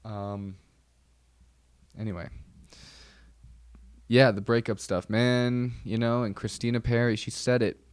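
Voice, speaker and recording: A man's voice: medium pitch, steady tone, slow pace, long pauses, clean tone, no room sound. A young man hosting a podcast, rambling casually with self-deprecating jokes and lots of ums. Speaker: podcast host. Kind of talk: casual solo podcast monologue.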